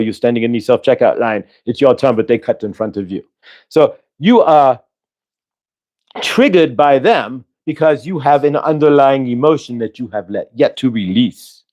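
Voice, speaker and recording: A man's voice: medium pitch, darkish tone. A man giving a live spiritual channeling talk, earnest and coaching, asking the listener rhetorical questions.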